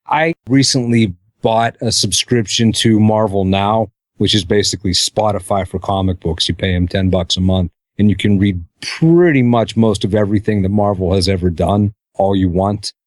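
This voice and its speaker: A middle-aged man from Pittsburgh, a podcast guest chatting casually with wry, deadpan humor. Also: on the low side, moderate pace, few pauses, no room sound, clean studio sound.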